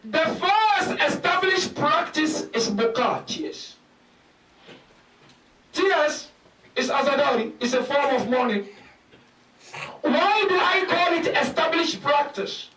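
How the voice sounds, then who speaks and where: High-pitched, slow preaching man in an echoey hall. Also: expressive. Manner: emphatic preaching, rising to shouted peaks; enumerates points and asks rhetorical questions. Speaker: sheikh giving a lecture. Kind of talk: sermon. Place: large mosque hall. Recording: echoey hall, speaker far from mic.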